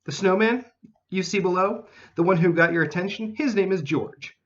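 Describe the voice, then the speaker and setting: A man putting on a squeaky, sing-songy little elf. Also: normal speed, a bit bright, muffled recording. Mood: earnest. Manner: earnest and urgent. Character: small squeaky pleading male elf.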